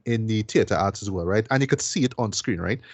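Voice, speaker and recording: A man's voice: lowish voice, fast talker, slightly rough, no echo. A man co-hosting a podcast, chatting casually and enthusiastically about a film with lots of fillers and tag questions. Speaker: podcast co-host reviewing a film. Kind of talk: casual film review chat.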